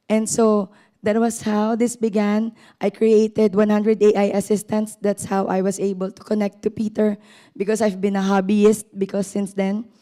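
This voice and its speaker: Hoarse filipina woman on a panel, kinda dark mellow voice, keeps repeating her main points. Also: mid-range voice. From Philippines. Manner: earnest, repeats key points. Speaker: panel guest. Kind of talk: panel self-introduction.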